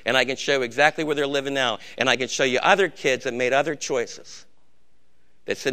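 An older man with a gray beard preaching a sermon, urging his congregation and swinging between hushed warnings and shouted exhortation. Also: mid-range voice, fairly quick, clean tone. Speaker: pastor.

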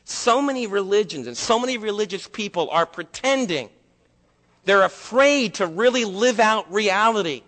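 Male preacher, high bright voice, earnest, loud-to-hushed swings, long hall reverb. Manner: earnest, swings from loud emphatic highs to hushed low passages. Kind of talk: sermon.

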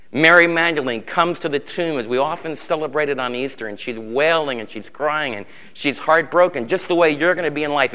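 A middle-aged male pastor preaching a sermon with passion, dropping to a hush and then rising to loud emphasis, in a church sanctuary. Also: on the high side. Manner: impassioned preaching, swinging from hushed to loud. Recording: long reverb of a large hall.

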